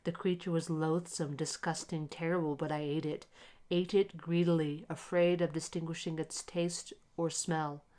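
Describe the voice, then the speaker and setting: A woman narrating a classic short story aloud in a calm, measured, expressive reading for relaxation. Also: low-pitched.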